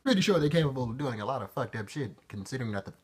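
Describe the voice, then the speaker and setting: Husky man ranting in a lively voice. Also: mid-range voice, racing. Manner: profane, rambling, self-interrupting. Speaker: vlogger. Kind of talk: rambling casual monologue to camera.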